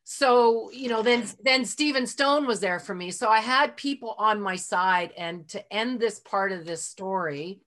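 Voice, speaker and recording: A middle-aged woman talks through her past as a podcast guest in an easy, conversational flow at a medium pitch. She is open about her feelings and sprinkles her speech with casual fillers. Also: measured pace, hardly any pauses, fairly bright tone. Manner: chatty, frequent fillers like "like" and "you know"; heartfelt, openly emotional. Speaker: interview guest. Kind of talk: casual storytelling in a podcast interview.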